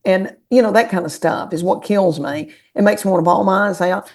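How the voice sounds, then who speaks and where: She speaks briskly in a creaky mid-range voice with a Southern American accent. The guest comedian on this easygoing podcast is an animated teller of folksy tales.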